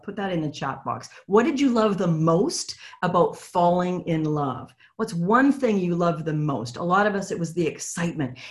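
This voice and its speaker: A woman's voice: fairly low pitch, a little mellow. A woman, apparently from Canada, coaching a live online session in a chatty, encouraging way and reading out replies from the chat. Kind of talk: live webinar teaching.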